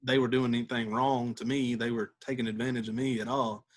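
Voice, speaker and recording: A man's voice: medium pitch, level tone, brisk. A man, a podcast guest telling a story in a laid-back way and laughing as he goes. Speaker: podcast guest, former catcher. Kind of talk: casual storytelling.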